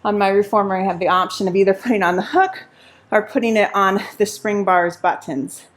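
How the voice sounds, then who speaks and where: Speaking a little fast at medium pitch, a woman runs a Pilates workout while joining in. Between counting repetitions and cheering, she occasionally runs short of breath.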